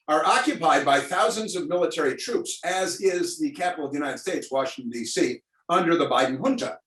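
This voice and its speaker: A man's voice: mid-range voice, a bit bright. Man, talk host, rambling, wry, distant mic, echoey room. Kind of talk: virtual call-in talk.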